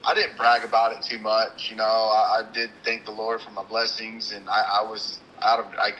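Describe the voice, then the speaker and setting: A man, co-hosting a hunting show, telling an animated story with acted-out quotes and sounds. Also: on the low side, normal speed, lo-fi sound, slight background noise. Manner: animated, acts out the scene with quoted lines and sound imitations. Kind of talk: casual storytelling chat.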